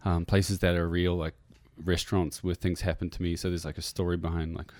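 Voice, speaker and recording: Low new zealand guy talking in a radio interview, lots of likes and ums, dry mic. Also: flat delivery, a little fast, a little mellow, no echo. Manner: rambling, many fillers and restarts. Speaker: musician guest. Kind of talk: casual interview chat. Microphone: radio studio mic.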